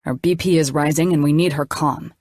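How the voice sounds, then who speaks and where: A calm male doctor, gentle but in command, played by a woman narrator. He speaks softly and steadily, lowered in pitch, reassuring even in a crisis. The recording is dry and close. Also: fairly quick, dry recording.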